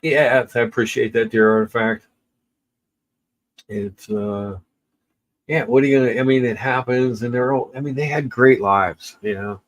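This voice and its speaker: A man who is crying as he chats casually with livestream viewers, halting and tearful, with many pauses and restarts. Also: mid-range voice, poor audio. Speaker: livestream host.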